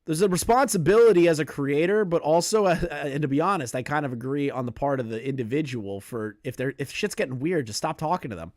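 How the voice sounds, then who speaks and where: Swearing, shrieking young livestream host. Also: male voice, on the high side, fast talker, hardly any pauses, no room sound, clean studio sound. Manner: swears freely, swings into loud shrieking disbelief. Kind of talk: casual livestream commentary. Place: his apartment.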